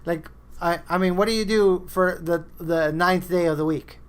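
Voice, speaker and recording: A man's voice: sits high, fairly even intonation, normal speed, clean tone. A man hosting a podcast, chatting casually and rambling through stories, acting out friends' lines as he goes. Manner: rambling storyteller, acts out quoted friends. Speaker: podcast host. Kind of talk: casual chat.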